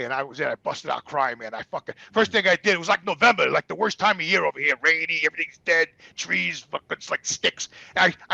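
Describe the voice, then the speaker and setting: A man's voice: sits high, gravelly, no room sound, lo-fi sound. An older man in his sixties with a New York accent, telling blunt, profane stories from his life as a talk show guest. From New York, USA. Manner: blunt, profane, animated retelling. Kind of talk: casual storytelling.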